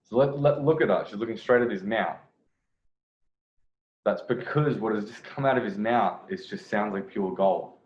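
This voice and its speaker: Male dating coach talking over a clip, low-ish voice, rambling and self-correcting, lo-fi echoey room sound. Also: normal speed, darkish tone. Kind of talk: video commentary.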